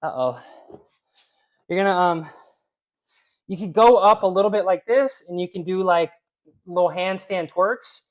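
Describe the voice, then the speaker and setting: Man, slightly higher voice, loose rambling live-stream workout coach who chats with viewers between sets. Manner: casual, rambling, repeats himself; talks to chat while exercising. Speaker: fitness streamer.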